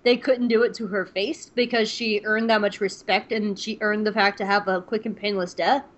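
A young woman co-hosting a podcast, recapping an episode in a quick, excited way and laughing often. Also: mid-range voice. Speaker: podcast co-host. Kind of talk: casual chat and episode recap.

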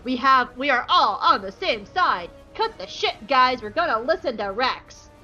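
A woman voicing a commanding male soldier squad leader who gives flat, matter-of-fact orders. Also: high voice, unhurried, highs cut off, faint music behind, exaggerated voice. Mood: bossy.

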